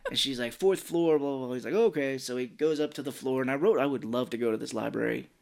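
A man's voice: medium pitch, steady tone, racing, creaky. A man co-hosting a podcast, retelling a movie's scenes in casual chat, acting out quoted lines and swearing freely. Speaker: podcast co-host.

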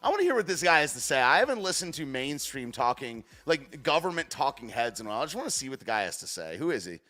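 A young man giving casual, rambling commentary as he reacts to a clip, swinging between loud and soft. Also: medium pitch, big pitch swings, fast talker, soft background music. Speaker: streamer reacting to a news clip.

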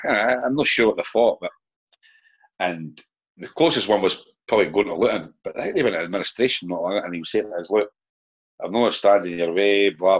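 A man's voice: deep voice, husky, muffled recording. A Scottish man, a former footballer, rambling through stories in casual podcast chat and swearing freely.

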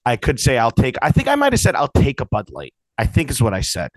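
A man's voice: mid-range voice, wildly swooping pitch, fast talker, no echo, poor audio. A man co-hosting a podcast, telling long casual stories with lots of restarts and asides. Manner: rambling storyteller, many restarts. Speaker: podcast co-host. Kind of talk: casual chat.

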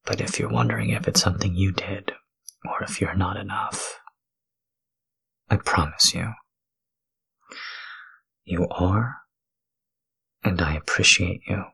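A man in a whispered role-play, talking in a halting, tender, confessional way with a breathy, gravelly whisper. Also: deep voice, lively intonation, bright, forceful tone. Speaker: podcast host.

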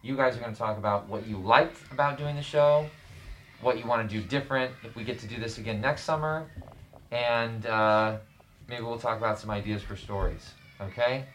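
A woman's voice: a bass voice, moderate pace, a little hiss or hum. A woman hosting a podcast, chatting casually with a group of kids and prompting them with short, encouraging questions. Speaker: podcast host and leader of a youth group.

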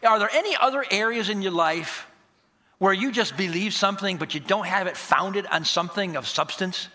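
An animated male pastor preaches a sermon with lots of emphasis. His voice sits high and sounds bright and forceful, and he often slips into short acted conversations. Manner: animated, emphatic, acts out dialogues.

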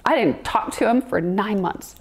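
A woman's voice: mid-range voice, moderate pace, breathy edge. A woman giving a candid personal testimony of faith to a class, blunt and frank, with laughter mixed into earnest talk.

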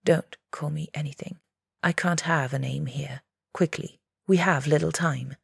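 A secretive fairy woman speaks low and clipped, half in a whisper, as a woman narrator puts her on. Her voice is deep and gravelly, close and dry. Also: steady tone, a little slow, dry recording, full character voice. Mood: hushed. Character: guarded female fairy, weary and secretive.

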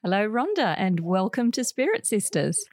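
Woman host, slow deliberate interviewing, gravelly low voice, dry close sound. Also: big pitch swings, a little mellow, no room sound. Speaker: podcast host.

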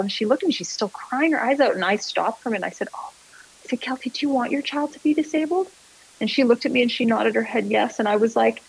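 A woman founder talking as a guest in a casual interview, earnest and animated, with many fillers and restarts. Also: a little high, fast, breathy edge, low-quality recording. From Canada.

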